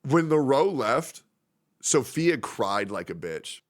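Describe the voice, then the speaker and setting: A man's voice: sing-song, takes it slowly. A man in his thirties, a streamer, chatting casually and emotionally, rambling on about his friends. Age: 30s. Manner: rambling, emotional, puts on high voices when quoting friends.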